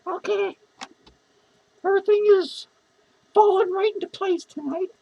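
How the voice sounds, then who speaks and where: A woman's voice: very high voice, fairly even intonation, unhurried, vocal fry, mellow, lo-fi sound, a little hiss or hum, exaggerated voice. A woman playing a drunk, lonely, foul-mouthed female clown who rambles and swears in a rambling character vlog. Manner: rambling, profane, giggly.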